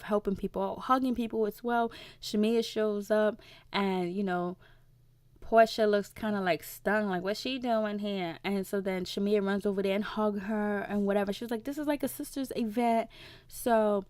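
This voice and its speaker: A woman's voice: mid-range voice, darkish tone, clean tone, no room sound. Rambling woman with a dry, close sound. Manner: rambling, filler-heavy with frequent "you know" and "so anyways"; acts out characters' lines in quick voices. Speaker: reality TV recap vlogger. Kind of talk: casual episode recap.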